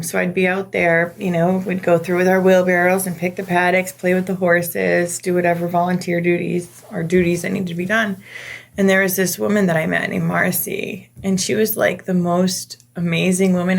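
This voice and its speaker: A woman's voice: fairly low pitch, vocal fry. A woman telling a personal story on stage in a chatty way, with many fillers. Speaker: storyteller recounting incarceration. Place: performance venue.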